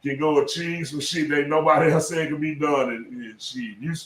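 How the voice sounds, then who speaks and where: A middle-aged man from South Dallas, a former high school football coach telling stories in an animated, emphatic, profane way on a casual podcast. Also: brisk, crowd noise. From South Dallas, Texas. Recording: echoey room, voice a bit far from mic.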